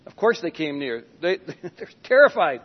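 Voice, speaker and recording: Man, pastor, sermon, high voice, dramatic hushed drops, long church reverb. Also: very animated, normal speed. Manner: dramatic, with sudden hushed drops and acted-out quotes. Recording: dull sound with long hall reverb.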